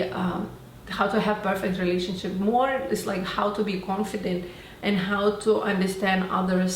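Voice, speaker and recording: Chatty woman vlogging in a roomy space. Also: fairly low pitch. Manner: enthusiastic, rambling, acts out quoted dialogue. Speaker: beauty and self-help vlogger. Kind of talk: casual talking-to-camera vlog. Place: home, Florida. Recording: roomy echo, faint background noise.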